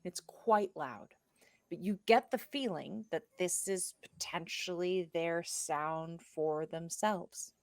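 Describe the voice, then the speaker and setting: A woman in her thirties narrating a tabletop game as game master, with hushed description and chanted creature sounds. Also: fairly low pitch, takes it slowly, hardly any pauses, no echo, studio quality.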